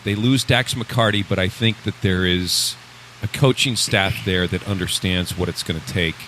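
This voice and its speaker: A man guesting on a sports podcast, giving measured and thoughtful predictions. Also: deep voice, pushed and bright, slight background noise, rough recording. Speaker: guest soccer pundit. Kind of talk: casual sports chat.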